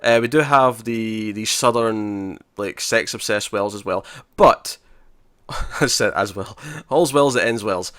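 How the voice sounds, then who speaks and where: A man's voice: fairly low pitch, a little slow, a bit bright, clean tone, no room sound, clean studio sound. A man hosting a podcast, chatting casually and animatedly as he recaps TV episodes, laughing often. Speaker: podcast host.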